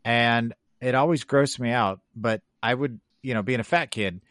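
A man's voice: mid-range voice, moderate pace, a bit bright, dry recording, studio quality. A man in his forties from the Chicago area, joking with old friends, swearing casually and tripping over his words. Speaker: podcast co-host.

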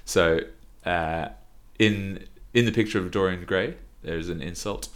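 Brief: male podcast co-host, very low voice, casual, reads quotes with punch. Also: takes it slowly, fairly bright tone. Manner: laughs often, reads quotes with lifted emphasis. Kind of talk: casual chat, reading out quotes.

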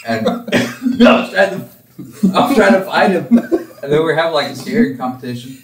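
A man's voice: fairly high pitch, lively intonation, moderate pace, roomy sound, slight background noise, rough recording. A young man from Campbell County, Tennessee, co-hosting a casual podcast, making dry short remarks and laughing through his own stories. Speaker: podcast co-host. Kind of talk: casual chat.

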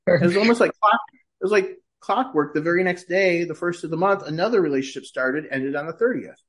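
A middle-aged man talks as a podcast guest, recounting his life in a relaxed, conversational way. His voice sits a little high for a man. He turns lively and jumps in pitch whenever he quotes his own past words. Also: brisk. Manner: animated, shifts pitch when quoting himself. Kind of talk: casual conversational storytelling.

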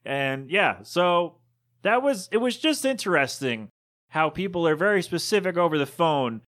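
A man's voice: fairly high pitch, very animated, moderate pace, fairly bright tone. A man hosting his own podcast, telling a story in a casual, rambling, digressive monologue. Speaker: podcast host.

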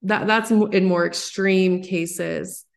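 A woman in her thirties, a psychologist guest on a podcast, explaining ideas in an animated, excited way. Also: on the low side, takes it slowly, creaky. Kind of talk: podcast interview.

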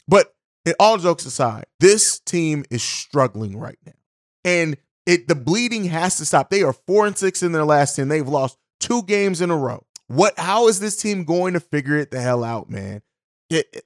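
A man's voice: high-pitched, no echo, studio quality. A man hosting a basketball podcast, giving blunt, opinionated solo commentary with casual swearing and frequent restarts. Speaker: podcast host.

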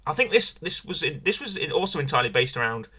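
Bright-voiced man rambling about wrestling. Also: a little high, big pitch swings, fast, husky. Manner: rambling, repeats phrases, restarts often. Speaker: podcast co-host. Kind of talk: casual wrestling review chat.

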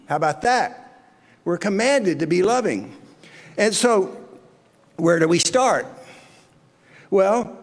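A man's voice: sits high, expressive, measured pace, pauses often, in a large hall. A male pastor preaching a sermon, earnest and full of rhetorical questions to his listeners.

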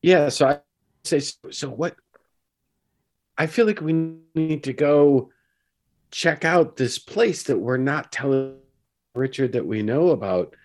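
A man's voice: mid-range voice, slow pace, long pauses, darkish tone. A man as a player in a tabletop game, talking in a hesitant, stop-start way. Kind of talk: tabletop role-play.

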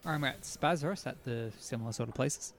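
A man's voice: medium pitch, moderate pace, creaky. A man co-hosting a casual podcast, throwing in dry, teasing wisecracks. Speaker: podcast co-host.

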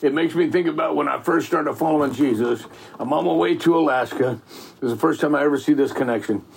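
A man's voice: fairly high pitch, quick pace, gravelly, breathy edge. A middle-aged man telling faith stories in a rambling, folksy way, full of "man" and "you know". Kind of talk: casual faith storytelling.

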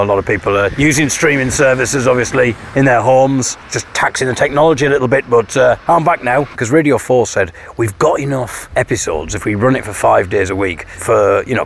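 At home eating with his partner, a male vlogger tells stories in a casual monologue, imitating people's voices as he retells events. His voice is fairly low with vocal fry, and there's a little hiss or hum.

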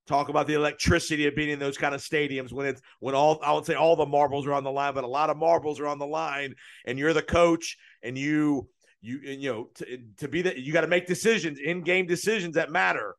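Male sports-radio host, gravelly voice, fairly high pitch, loose and chatty delivery. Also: steady tone, a little fast, fairly bright tone. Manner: chatty, loose phrasing, restarts often. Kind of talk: radio talk show interview.

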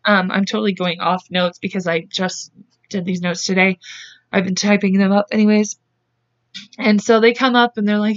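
Her mid-range voice is brisk and slightly bright as she hosts a podcast from home. She tells a true-crime story casually, acting out the quotes in voices and laughing a lot. The audio comes from a dull, lo-fi podcast mic.

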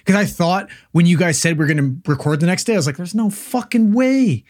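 A man co-hosting a casual podcast, telling stories in an animated way and swearing a lot. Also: on the high side, fast talker. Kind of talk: casual chat.

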